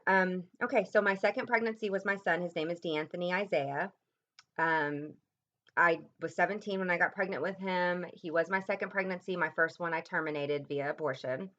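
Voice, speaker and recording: A woman in her thirties tells a deeply personal story straight to camera in a home vlog. Her voice sits on the low side and she speaks haltingly, with frequent ums and restarts, going quiet and soft when the memories get hard. The audio is dull and lo-fi, like a home video. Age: 30s. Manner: voice drops low and soft at painful moments. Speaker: vlogger.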